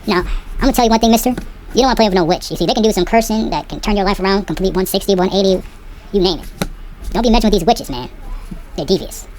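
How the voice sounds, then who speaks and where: A woman reads a novel aloud at an ordinary middle pitch, stopping often for loose, slangy comic asides. She talks casually and jokes her way between passages. A faint noise sits behind her voice. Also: fast, a little mellow. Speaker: reaction channel host reading a novel aloud.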